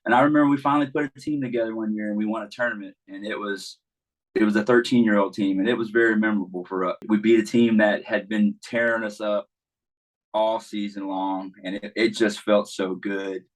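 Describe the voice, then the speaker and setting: A man's voice: lowish voice, fairly even intonation, a little fast, poor audio. Man, baseball coach, casual chat, easygoing storyteller, plenty of fillers.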